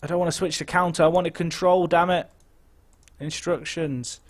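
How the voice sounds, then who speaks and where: Young male game streamer; slightly higher voice, chatty live commentary, jumps from anxious mutters to loud outbursts. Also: fast. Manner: chatty, excitable, swings between nervous muttering and shouting.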